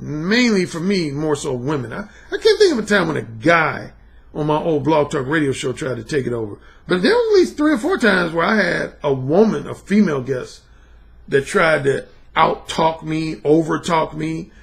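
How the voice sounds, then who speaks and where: A man's voice: on the high side, gravelly. A middle-aged man hosting his own podcast, talking in a blunt, emphatic, profane monologue. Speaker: podcast host and dating coach. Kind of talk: casual monologue.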